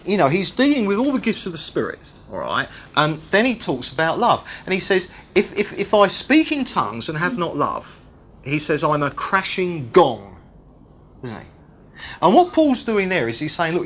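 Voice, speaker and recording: A man's voice: fairly high pitch, fairly bright tone, a little hiss or hum. A man teaching a Bible study sermon in a jokey style, repeating and stretching key words.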